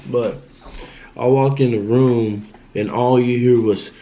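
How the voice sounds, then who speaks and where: A man's voice: medium pitch, fairly even intonation, slow, dark tone, rough recording. A young man telling a personal story on his vlog in a loose, casual monologue that circles back on itself. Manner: loose, repetitive, keeps asking "you know what I'm saying".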